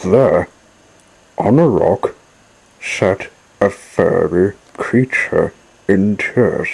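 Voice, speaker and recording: A man reading a children's storybook aloud in a slow, gentle narrating manner. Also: sits low, creaky, slightly rough, poor audio.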